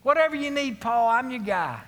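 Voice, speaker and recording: A preacher putting on a breezy, eager God voice. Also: male voice, very high voice, very animated, normal speed, a bit bright, long reverb tail, pitched above the performer's own voice, full character voice. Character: easygoing, generous male God chatting casually.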